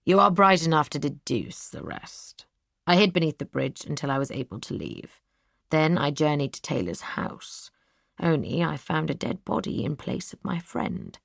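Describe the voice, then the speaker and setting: A woman voicing a cool, scheming young man who sneers and sometimes drops to a hush. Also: deep voice, expressive, moderate pace, vocal fry, dry recording, heavily acted. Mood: coolly boastful. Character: cold scheming young man, villainous brother.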